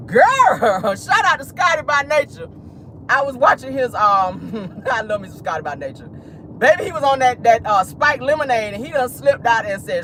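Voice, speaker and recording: Gossip host: sassy, animated, and laughing from the car, with a lively swinging pitch. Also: normal speed, slight background noise. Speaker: vlogger and gossip show host. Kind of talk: celebrity gossip commentary.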